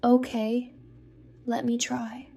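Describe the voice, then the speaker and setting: A woman's voice: on the high side, monotone, slow pace, creaky, warm tone. A woman reading the lines of a cautious male teacher colleague in a storybook. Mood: wary.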